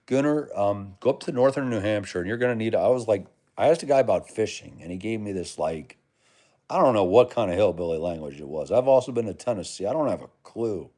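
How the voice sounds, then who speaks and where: A chummy American man with a lowish voice, talking casually on a livestream and answering viewers. His pitch jumps around a lot as he rambles, calling people brother and man. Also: animated, a little fast, warm tone. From United States. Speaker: livestream host. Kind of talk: casual live chat reading comments.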